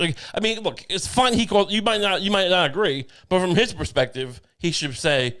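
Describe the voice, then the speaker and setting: Man, comedy podcast co-host, profane, rambling riffs, fairly high voice. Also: a little fast, hardly any pauses, pushed and bright, clear, resonant tone. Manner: rambling, profane, riffing with absurd jokes. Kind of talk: casual comedic podcast banter.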